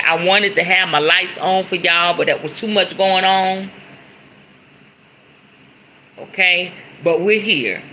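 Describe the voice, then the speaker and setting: Very bright-voiced chatty woman host. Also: lowish voice, a little hiss or hum, rough recording. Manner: chatty, repeats words, often says y'all. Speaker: spiritualist livestream host. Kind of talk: casual livestream chat to viewers. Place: at home, in front of a decorated backdrop.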